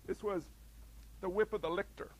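A man preaching a sermon in an animated way, acting out voices and asking the congregation questions. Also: high-pitched, normal speed, rough recording. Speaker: pastor.

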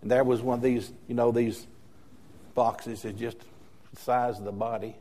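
A man's voice: medium pitch, fairly even intonation, normal speed, warm tone. An older man preaching a sermon as interim pastor, telling stories and repeating key phrases for emphasis.

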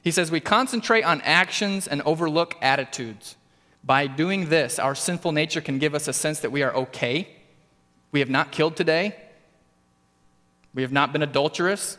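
A man preaching a sermon with earnest emphasis, his voice climbing for stressed points and dropping low for quiet ones. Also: normal speed, long reverb tail. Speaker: pastor.

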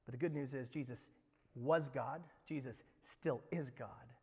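A pastor preaching a sermon, swinging between loud emphatic lines and near-whispers, repeating words as he presses a point. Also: medium pitch, unhurried, breathy edge. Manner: repeats words and restarts phrases when emphatic. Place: church sanctuary. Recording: long hall reverb from a church room.

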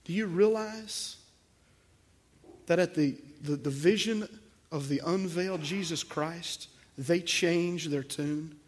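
Male pastor, slightly high-pitched, emphatic sermon delivery. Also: takes it slowly. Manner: emphatic preaching with swells in volume, repeats words.

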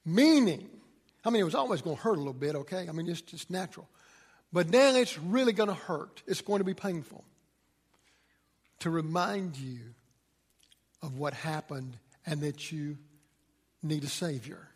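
A man's voice: fairly high pitch, lively intonation, normal speed, long pauses, breathy edge, in a large hall. A middle-aged man preaching a sermon to his congregation, telling folksy stories with plenty of fillers and restarts. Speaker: pastor. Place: church.

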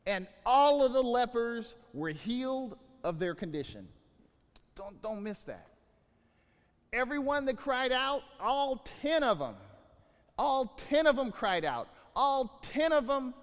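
A man preaching a sermon, telling stories with animated swings between loud bursts and quiet asides. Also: high-pitched, long reverb tail. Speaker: pastor.

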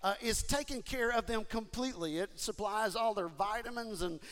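This man delivers a casual sermon, speaking straight to his listeners. His voice sits high and comes across bright and forceful. He talks with lively energy and often stumbles into quick restarts. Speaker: preacher.

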